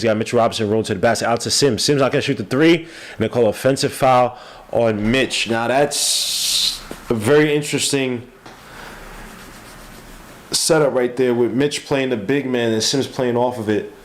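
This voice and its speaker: A man with a stuffy nose hosts a podcast, giving loose, rambling live play-by-play of a game with asides along the way. His voice is mid-range, and a little hiss or hum runs under the recording.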